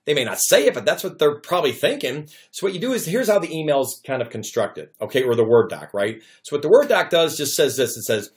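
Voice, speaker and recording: Fast-talking energetic male sales trainer. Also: fairly high pitch. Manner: energetic, conversational, acts out customer dialogue. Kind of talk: direct-to-camera sales tips talk.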